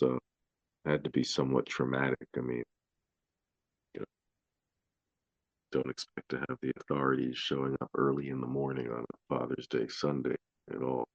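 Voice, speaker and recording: Very deep gravelly male podcast host. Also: a little mellow, no room sound, muffled recording. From United States. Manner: measured, deliberate questioning. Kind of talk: interview podcast.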